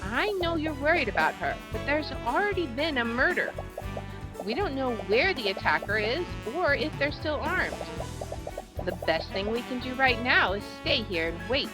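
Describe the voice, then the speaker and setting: A woman voicing a steady female knight in a game, talking firmly and reasonably. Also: sits high, moderate pace, music in the background, pitched above the performer's own voice. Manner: firm, reasoning.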